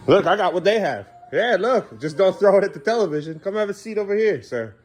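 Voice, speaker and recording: A man's voice: sits high, lively intonation, fairly quick. A man filming a casual home vlog, coaxing his kids along and talking to the camera. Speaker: parent vlogger. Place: family home kitchen.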